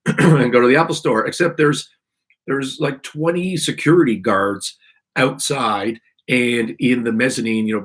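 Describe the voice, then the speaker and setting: On his live stream, a podcast host vents about a grievance, rambling and restarting in exasperation. His voice sits mid-range, fairly bright and slightly rough, and keeps catching from an irritated throat he clears often.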